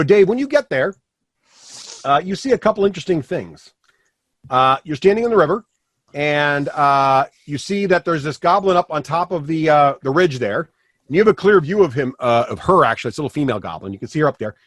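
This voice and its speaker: Chatty game master, fairly high voice. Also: male voice, lively intonation, brisk, fairly bright tone, dry recording. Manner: rambling, many fillers and restarts. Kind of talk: running a tabletop game.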